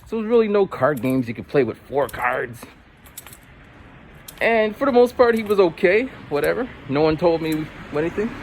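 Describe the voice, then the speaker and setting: Man, 40s, teacher-vlogger, lively storytelling, outdoors with faint traffic behind. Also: moderate pace. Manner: animated, acts out quotes with big pitch jumps. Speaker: English teacher. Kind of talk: casual storytelling vlog.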